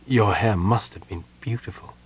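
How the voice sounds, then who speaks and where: A man's voice: on the low side, normal speed, slightly rough. A man voicing an anxious, devoted young soldier who speaks urgently with a trembling voice.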